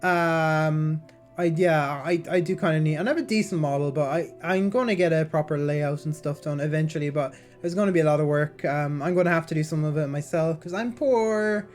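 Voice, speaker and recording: A woman's voice: sits low, moderate pace, a little mellow, faint music behind. A woman streaming, chatting and reading aloud with a slightly nasal voice and a sore throat, rambling through fillers and restarts. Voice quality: somewhat nasal. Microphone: basic mic, no headset.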